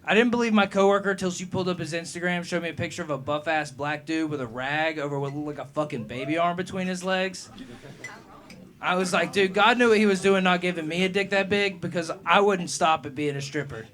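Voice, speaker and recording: This young comedian's high voice moves fairly quickly as he works a rambling, foul-mouthed open-mic set, cracking himself up. Answering a heckler, he turns loud and heated.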